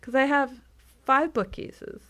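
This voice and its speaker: Young woman, casual podcast co-host, chatty, laughs a lot, excited then deadpan. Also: high voice, slow. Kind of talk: casual chat.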